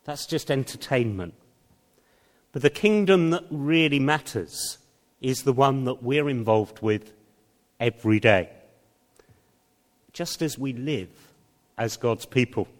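A man preaching a sermon to his congregation, speaking slowly and deliberately with a touch of dry humor. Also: medium pitch. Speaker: pastor. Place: church hall. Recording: long reverb of a church hall.

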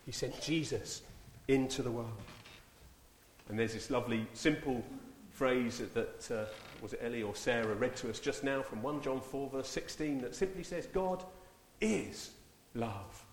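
Preacher in an echoey church. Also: male voice, mid-range voice, normal speed, slight background noise. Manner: storytelling, rising to emphatic exclamations. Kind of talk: sermon with a children's story. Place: church hall. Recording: echoey church with long reverb.

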